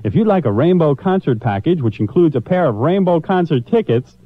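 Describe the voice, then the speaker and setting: A man's voice: fairly high pitch, lively intonation, fairly quick, no room sound. A man working as a radio disc jockey, joking on air in a playful, mock-sentimental, self-mocking way. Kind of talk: joking morning radio banter. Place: radio studio. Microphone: studio microphone. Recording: muffled old radio aircheck.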